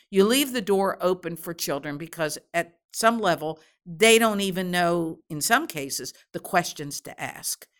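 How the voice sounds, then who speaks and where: A middle-aged woman answering interview questions in a gentle, measured, explanatory way, as a guest expert on children and grief. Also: lowish voice, animated.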